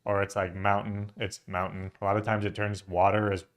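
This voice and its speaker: A man's voice: fairly low pitch, flat delivery, fairly quick. A man from Minnesota with a Minnesotan accent, chatting casually and curiously while reacting to a video. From Minnesota, United States.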